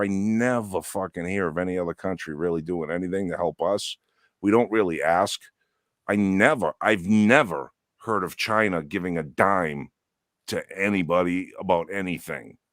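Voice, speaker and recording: A middle-aged man with a New England accent, co-hosting a casual podcast chat, rambling, profane and quick to laugh. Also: low-pitched, fairly bright tone, no room sound, clean studio sound. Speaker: podcast co-host.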